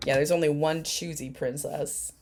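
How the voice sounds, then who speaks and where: Woman, low voice, sarcastic, swears a lot, mocking reaction commentary. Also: fairly even intonation, normal speed, darkish tone, slight background noise. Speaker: commentary YouTuber.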